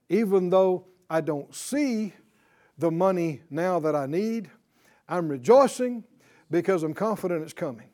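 Animated, high-voiced preaching man. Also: normal speed. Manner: lively preaching with frequent laughs and "right?" asides. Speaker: pastor. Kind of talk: sermon.

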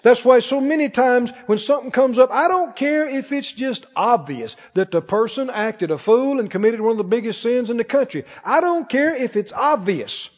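A man's voice: extremely high pitch, lively intonation, moderate pace, few pauses. A male pastor preaching an emphatic sermon to his congregation, firing off rhetorical questions and having them repeat his words. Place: church hall with congregation. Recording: dull reverberant church recording.

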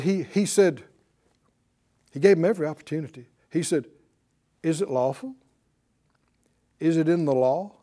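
A man delivers a sermon in a high, bright register. His pitch swings widely as he keeps pulling responses from the congregation. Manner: animated, calls for responses from the congregation. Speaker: preacher.

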